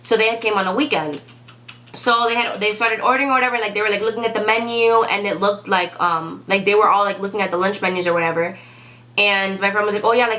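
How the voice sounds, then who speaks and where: Fast-talking bright young woman vlogger. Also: medium pitch. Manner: chatty, says "like" a lot. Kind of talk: casual storytime.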